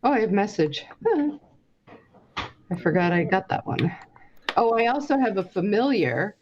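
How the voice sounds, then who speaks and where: A woman playing a tabletop game, slowly thinking aloud about her spells. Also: mid-range voice, very animated, darkish tone. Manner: slow and thinking aloud, reading from her sheet. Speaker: player. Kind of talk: casual tabletop game chat. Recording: dull lo-fi sound with faint noise.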